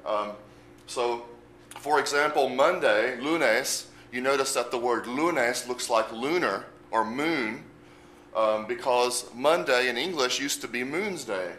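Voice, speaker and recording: A man's voice: mid-range voice, takes it slowly, fairly bright tone, echoey room, slight background noise, rough recording. A man giving an unscripted language lesson, speaking patiently and spelling words out letter by letter. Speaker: Spanish teacher.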